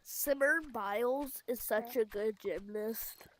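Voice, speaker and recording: A woman's voice: fairly high pitch, slow pace. A woman chatting playfully while playing a fishing game, drawing out her words and giggling. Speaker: fellow player. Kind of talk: casual gaming voice chat. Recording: noisy voice chat line.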